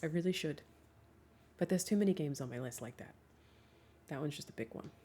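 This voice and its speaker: A woman's voice: low-pitched, a little fast, dark tone, husky. A woman streamer chatting casually, laughing often and rambling through asides.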